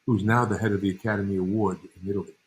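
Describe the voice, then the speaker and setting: This older New Yorker, an actor and director, races through rambling interview stories in a low voice with little pitch movement, imitating the people he describes. The relaxed conversation comes through on a rough recording with a bit of background noise.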